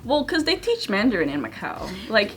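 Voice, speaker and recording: A chatty woman guest in casual conversation, quick to agree. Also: mid-range voice, wildly swooping pitch, crowd noise. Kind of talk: casual chat.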